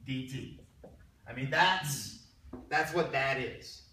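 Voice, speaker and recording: A man's voice: mid-range voice, slow pace, sharp tone. Man lecturing in an echoey classroom. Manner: conversational, repeats himself, quizzes students. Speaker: math instructor. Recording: roomy, distant classroom recording with faint noise.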